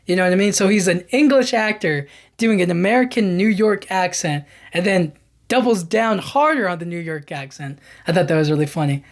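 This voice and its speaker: A young man talks through a movie's plot as a podcast host, in an easygoing, chatty way. He stumbles and restarts often and speeds up when the action gets exciting. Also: sits high, fairly quick. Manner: animated retelling with many fillers and restarts. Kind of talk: casual film recap.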